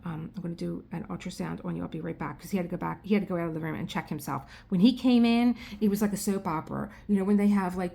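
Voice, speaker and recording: Animated storytelling woman, middle-aged. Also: fairly low pitch, gravelly. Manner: animated storytelling, quoting others, frequent restarts. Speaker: craft vlogger. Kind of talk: casual chat.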